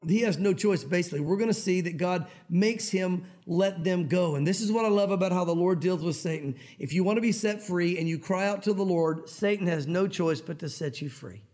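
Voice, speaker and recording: A man from Tennessee with a Southern accent, preaching an evening sermon in a quick, conversational and earnest way. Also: sits high, darkish tone. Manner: fast-talking, conversational, earnest. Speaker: pastor.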